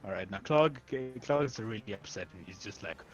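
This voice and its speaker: A man runs a tabletop game as its game master. He narrates the fights with lively energy and laughs often between lines. Faint music plays behind him. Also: lowish voice, fairly quick, dull audio.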